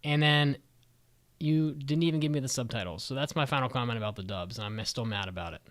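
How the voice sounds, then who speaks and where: A man talking as a podcast co-host, venting in a loose, profane rant. His voice sits at an ordinary middle pitch, and he tumbles from gripe to gripe. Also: fast talker, fairly bright tone, no echo. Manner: ranting, frequent swearing. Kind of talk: casual chat, anime review.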